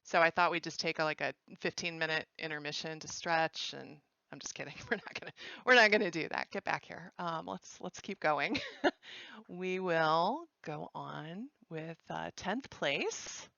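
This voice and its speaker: Woman host with a gravelly voice. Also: sits low, moderate pace, few pauses, pushed and bright, dry recording, muffled recording. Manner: chatty, joking, self-correcting. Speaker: livestream host announcing results. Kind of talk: casual live-stream announcing.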